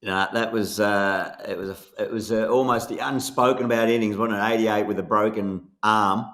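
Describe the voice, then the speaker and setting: Aussie bloke hosting a podcast, laid back, telling old stories and laughing a lot. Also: male voice, lowish voice, moderate pace. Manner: relaxed reminiscing, laughing often. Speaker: podcast host. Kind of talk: casual podcast chat.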